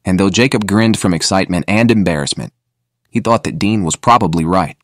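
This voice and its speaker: Deep-voiced man narrating an audiobook. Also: fairly quick, dry recording, clean studio sound.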